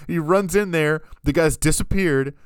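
A man co-hosting a podcast, recapping a film in an animated, storytelling way. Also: on the high side, a little slow, clear, resonant tone, dry recording. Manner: animated storytelling, acting out scenes. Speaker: podcast co-host. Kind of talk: casual film recap chat.

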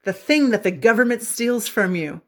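A woman's voice: fairly high pitch, expressive, normal speed. Playful Canadian woman English teacher. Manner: playful, jokey, bursts into singing. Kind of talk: humorous language lesson on radio.

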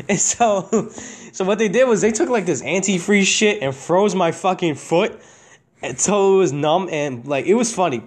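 A man's voice: sits high, expressive, normal speed. A young man hosting a podcast, telling childhood stories in casual chat, swearing freely and laughing often. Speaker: podcast host.

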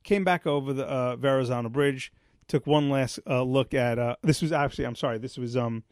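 A man's voice: medium pitch, fairly quick, a little mellow, no echo, studio quality. A man co-hosting a podcast, telling long rambling stories in casual chat and acting out what people said. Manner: rambling storyteller, acts out quotes. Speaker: podcast co-host.

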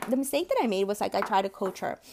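A woman's voice: mid-range voice, lively intonation, fast talker, noisy background. A woman in her forties hosting a podcast, telling personal stories in a chatty, casual way and sometimes swearing. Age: 40s. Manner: chatty, acts out quoted voices, swears casually. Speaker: podcast host and consultant. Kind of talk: casual storytelling monologue.

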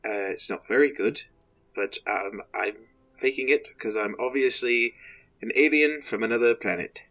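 A man playing a hesitant male film director with a weak attempted New Zealand accent, halting and full of uhs, in improvised comedy role-play. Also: mid-range voice, a bit bright.

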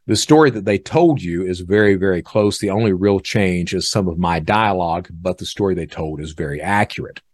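A man hosting a podcast, telling a story in a casual, animated way and acting out other people's lines. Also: low-pitched, fairly quick, hardly any pauses, dry recording. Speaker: podcast host.

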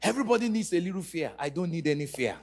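Gravelly, high-voiced male preacher. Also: animated, racing, darkish tone. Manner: emphatic, leads the congregation in call-and-response; sing-song preaching cadence. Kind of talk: sermon. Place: church service.

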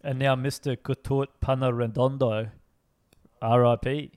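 A man's voice: medium pitch, level tone, a little slow, a little mellow, clean tone. A man co-hosting a casual podcast chat, running through odd news stories with swearing and frequent laughs. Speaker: podcast co-host.

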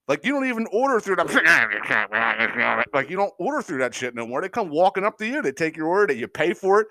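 A middle-aged podcast host launches into a casual comedic rant, swearing heavily and laughing often as he tells his stories with animation. His voice is fairly high, and the recording is dry.

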